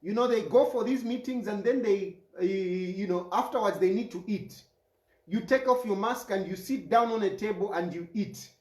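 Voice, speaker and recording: A man's voice: high voice, normal speed, a little mellow, roomy sound. A man with a Zambian accent speaking straight to camera as a mayoral candidate, earnest and pleading, repeating his key phrases. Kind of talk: direct-to-camera address.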